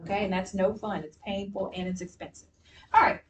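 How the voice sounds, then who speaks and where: A woman teaching a classroom reading lesson, encouraging and clear as she gives instructions. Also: mid-range voice, fairly even intonation, a little fast, a crowd in the background. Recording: distant mic with faint noise.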